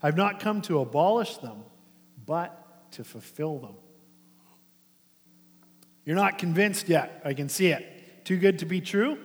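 High-voiced man preaching in a reverberant church. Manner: animated preaching with a conversational tone, dropping soft and slow for emphasis. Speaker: pastor. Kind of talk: sermon. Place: church sanctuary. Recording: long reverb of a church hall.

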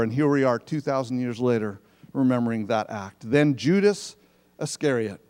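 A man's voice: mid-range voice, expressive, moderate pace, darkish tone, clear, resonant tone. A man preaching a sermon in a church sanctuary, reading verses and explaining them in a conversational way. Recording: long reverb of a church hall.

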